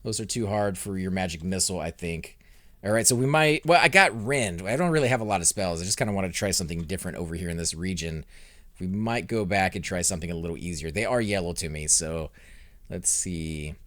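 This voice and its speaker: A young man hosting a let's play, commentating his fights and chatting with viewers, growing loud and excited during combat. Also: low voice, a little fast, no echo, studio quality. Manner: excitable, reacts loudly to in-game fights, talks to chat. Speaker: gaming channel host.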